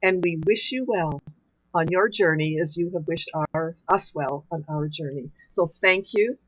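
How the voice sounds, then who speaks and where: A woman from a church community giving earnest thanks and leading an affirmation, slowing on key phrases. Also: fairly low pitch, no echo, highs cut off. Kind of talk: heartfelt formal thanks in a church service.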